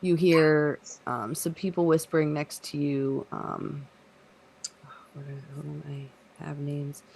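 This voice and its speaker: A woman's voice: low-pitched, steady tone, slow, vocal fry, darkish tone, slight background noise. A woman game master who narrates a tabletop role-playing game casually, with many fillers.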